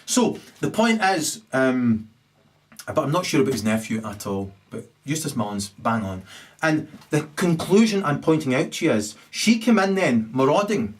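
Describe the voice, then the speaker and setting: A man talks straight to camera in a long, rambling rant. His voice sits at an ordinary middle pitch but leaps up loud and high in bursts, then sinks into low mutters. He swears freely and keeps checking in with "right?". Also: sing-song, moderate pace. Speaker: solo video commentator.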